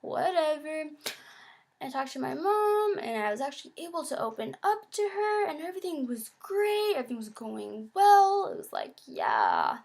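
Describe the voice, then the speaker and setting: A woman's voice: high voice, huge pitch swings, moderate pace, creaky, darkish tone. A woman vlogging in a casual confessional way, chatty and full of filler words, acting out her own past thoughts. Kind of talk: casual confessional talk to camera.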